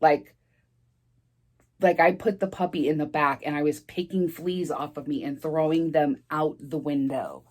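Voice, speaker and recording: A woman's voice: low-pitched, fairly even intonation, measured pace, darkish tone. A woman telling a personal story in a casual storytime vlog, rambling with many fillers and restarts and laughing as she talks.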